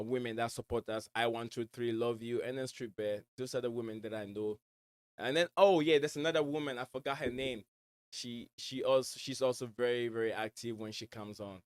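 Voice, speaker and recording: A man with a West African accent touched by American speech hosts a casual fan livestream from home. His voice is smooth and clear, sitting at an ordinary middle pitch. He drifts from one viewer comment to the next, repeating words and leaning on fillers. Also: fairly even intonation, moderate pace. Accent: West African blended with American. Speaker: livestream host. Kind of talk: casual fan chat reading viewer messages.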